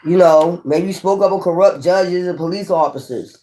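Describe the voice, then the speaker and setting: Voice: medium pitch, normal speed, warm tone. Profane rambling tarot reader. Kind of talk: casual tarot reading to camera.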